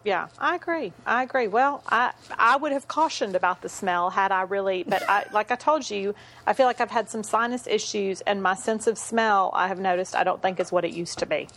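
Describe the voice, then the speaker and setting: A woman's voice: mid-range voice, brisk, a bit bright. Woman, forties, podcast co-host; agreeable, affirms often, easy laugh. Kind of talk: casual chat.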